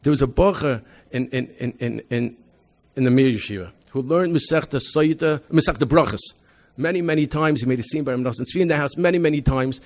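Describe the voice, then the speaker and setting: A man, a rabbi giving a convention talk, animated storytelling with frequent restarts and loudly acted-out quotes. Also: mid-range voice, brisk. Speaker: rabbi presenting an educational program. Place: convention hall.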